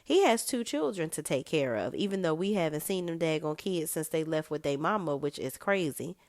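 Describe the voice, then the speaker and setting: A woman's voice: low-pitched, animated, normal speed, darkish tone, no room sound, studio quality. A woman recapping a TV episode in a casual, sassy, blunt way, full of slang. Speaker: TV recap vlogger.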